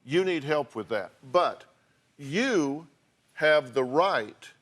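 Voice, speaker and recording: Blunt older American talk show host. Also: male voice, a little high, lively intonation, takes it slowly, a bit bright. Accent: Southern American. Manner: blunt, scolding, reads out figures. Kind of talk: confrontational talk show advice.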